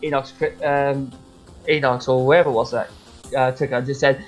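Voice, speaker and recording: A man's voice: mid-range voice, level tone, normal speed, faint music behind, rough recording. A man co-hosting a casual gaming podcast, bantering and chuckling. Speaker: podcast co-host.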